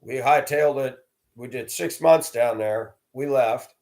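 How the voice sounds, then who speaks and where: A man's voice: medium pitch, unhurried, darkish tone. Blunt, plainspoken middle-aged man. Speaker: storyteller host. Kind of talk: personal storytelling monologue.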